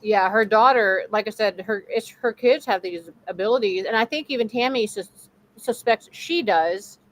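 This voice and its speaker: A middle-aged woman at a middle pitch chats easily and backs up the others with quick affirmations. She is heard over a video-call mic. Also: a bit bright, poor audio. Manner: chatty, supportive with frequent affirmations. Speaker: co-host of paranormal show. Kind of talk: casual conversation.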